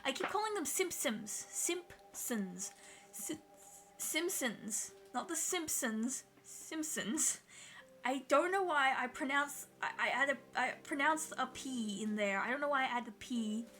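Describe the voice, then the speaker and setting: A woman's voice: high voice, expressive, moderate pace, bright, forceful tone. A woman streamer chatting casually with her viewers while she draws, swearing freely and laughing often.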